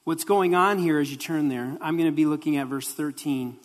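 A preacher giving a sermon, telling the story with animated delivery and acted-out quotes, in a large hall. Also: medium pitch, a little fast. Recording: long hall reverb.

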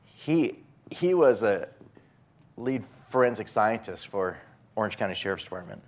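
A man's voice: fairly low pitch, expressive, a little slow. A male pastor preaching a sermon in a conversational storytelling way, acting out the quotes.

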